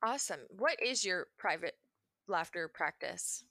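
A woman's voice: on the low side, expressive, measured pace, bright, forceful tone, dry recording. A woman hosting a casual interview, agreeable and restating her guest's points. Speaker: host.

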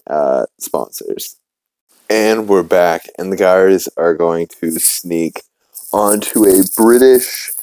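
A man's voice: sits low, mellow, no room sound. A male podcast host casually recapping an episode, rambling along with lots of fillers, restarts and casual swearing.

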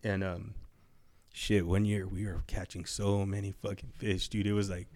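A man's voice: deep voice, little pitch movement, normal speed, darkish tone. A young man telling stories in casual chat, laid-back and profane, peppering his talk with "dude" and "bro".

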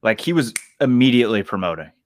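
A man co-hosting a podcast, chatting casually about sports in excitable, rambling retellings. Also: medium pitch, fast talker, slight background noise. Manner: excitable, rambling retellings with short agreeing replies. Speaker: podcast co-host.

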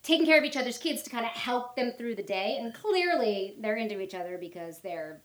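A woman co-hosting a podcast in casual chat, telling a story in an animated way. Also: a little high, fairly quick, roomy sound. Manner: animated storytelling, acts out quotes. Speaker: podcast co-host.

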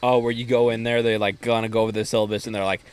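A man's voice: on the low side, little pitch movement, racing, clean tone. A young man, podcast co-host, chatting casually outdoors and throwing in joking, prodding questions. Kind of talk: casual chat. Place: outdoors in a backyard.

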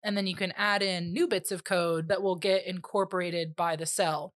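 Lower-voiced woman co-host, dry sound. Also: normal speed, no echo. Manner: relaxed, agreeable, laughs often. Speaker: podcast co-host. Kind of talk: casual science chat.

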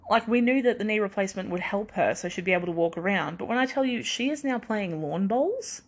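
A young adult woman hosts a solo podcast, rambling through casual, chatty talk and often laughing at herself. Her medium-pitched voice is expressive and fairly quick.

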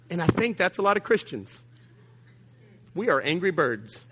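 Man, pastor, sermon, slightly high voice, humorous, animated, talks straight to the congregation. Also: moderate pace, long pauses, husky. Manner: humorous, animated storytelling with big swings of pitch and volume; addresses the congregation directly with call-outs.

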